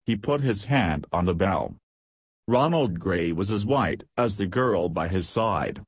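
Husky low-voiced male audiobook narrator. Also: no echo. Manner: steady, measured reading.

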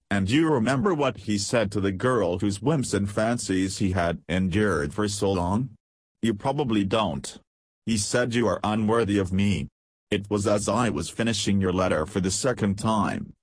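A man voicing a stern, fair-minded young army officer who speaks gravely and soberly in a storybook reading. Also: on the low side, no room sound.

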